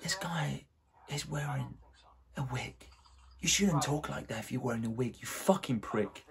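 A young man hosting a casual movie reaction, excitable and swearing, with lots of "like" fillers. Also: mid-range voice, moderate pace, vocal fry.

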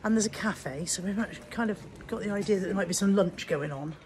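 A woman's voice: medium pitch, fast, crowd noise. A middle-aged woman, chatting casually and mocking herself as she talks to the camera in a vlog. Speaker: vlogger.

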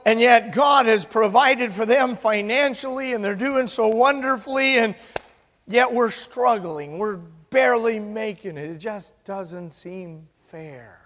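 High-voiced preacher in his sixties. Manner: emphatic preaching, loud and soft by turns. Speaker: pastor. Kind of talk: sermon. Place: church sanctuary. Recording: long church reverb.

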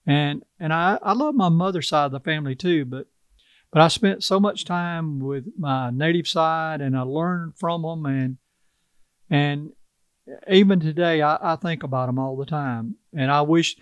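A man's voice: fairly high pitch, unhurried, clean tone, no echo, dull audio. An older man from South Carolina with a Carolina Southern accent, talking in a folksy, earnest way as an interview guest. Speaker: tribal chief, interview guest. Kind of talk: casual interview talk.

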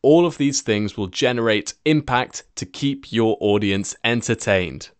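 A man's voice: mid-range voice, a little slow, dry recording. Man coaching speech, dry close sound. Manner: encouraging, clear and methodical. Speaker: presentation skills coach. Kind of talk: instructional tutorial.

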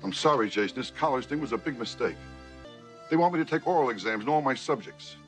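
A man's voice: medium pitch, animated, fast, soft background music, natural voice. An actor playing a brash, joke-cracking rich older father in a film comedy. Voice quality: brassy joke-cracking delivery. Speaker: film character.

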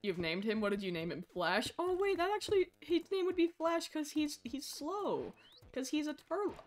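A woman streaming a game and chatting with her viewers, excitable and squealing over cute animals, swearing casually, with faint game music behind her. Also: high-pitched, moderate pace. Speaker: Twitch streamer. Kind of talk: casual gaming livestream chat.

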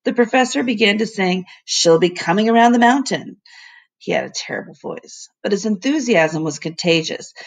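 A woman teacher reading a children's novel aloud to her class in a steady storybook manner. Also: lowish voice, vocal fry.

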